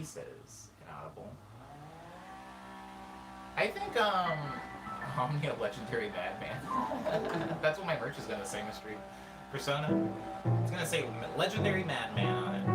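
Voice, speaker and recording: A man's voice: medium pitch, reverberant, distant mic, low-quality recording. A man hosting a casual music livestream, chatting and reading viewer comments in a rambling way. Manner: rambling, chatty, quick asides.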